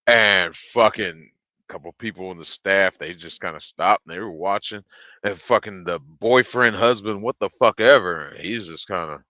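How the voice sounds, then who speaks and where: A man streamer telling a story in a casual, profane, blunt and animated way. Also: low voice, moderate pace, dry recording, dull audio.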